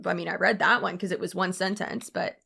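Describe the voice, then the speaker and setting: A woman's voice: lowish voice, level tone, brisk, creaky, sharp tone, husky. A young woman reading and mocking comments in a casual vlog, with a dry, sarcastic delivery.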